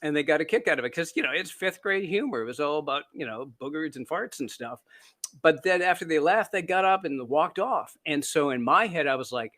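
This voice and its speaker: A man's voice: on the high side, animated, fairly quick, a bit bright. A Canadian-born man, an author being interviewed, telling stories in a chatty, self-deprecating way with frequent fillers and restarts. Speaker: author guest. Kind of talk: casual interview storytelling.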